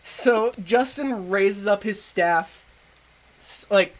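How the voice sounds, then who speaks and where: A man's voice: high voice, slow. A man running a tabletop game as game master, narrating with frequent laughs and hesitant fillers.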